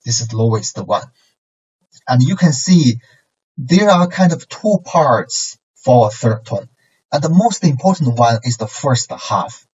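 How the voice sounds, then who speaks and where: A man with a husky, darkish, expressive mid-range voice teaches a language lesson at a measured pace. He patiently models syllables and tones for repetition, checking in with "okay" and "right," in distant, dull lo-fi sound.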